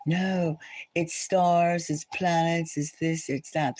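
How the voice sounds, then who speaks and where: A woman's voice: low voice, fairly even intonation, slow pace, darkish tone, no room sound. A woman hosting a livestream chat, talking in a rambling, indignant way with many restarts, fillers and rhetorical questions. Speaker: tarot channel host.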